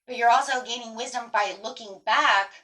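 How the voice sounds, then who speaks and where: Animated woman giving a tarot reading. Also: on the high side, normal speed. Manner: animated, emphatic, swears casually, talks straight to viewers. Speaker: tarot reader. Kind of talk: casual tarot reading monologue.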